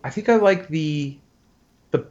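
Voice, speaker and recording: A man's voice: fairly high pitch, measured pace, darkish tone, lo-fi sound. A man in his thirties chatting casually as an interview guest, rambling with many restarts and acting out what people said. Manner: rambling, many restarts, acts out quoted voices.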